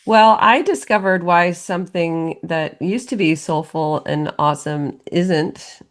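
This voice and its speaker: A woman co-hosting a podcast, chatting in a relaxed and wry way, often murmuring agreement. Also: fairly low pitch, measured pace. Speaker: podcast co-host. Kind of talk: casual chat.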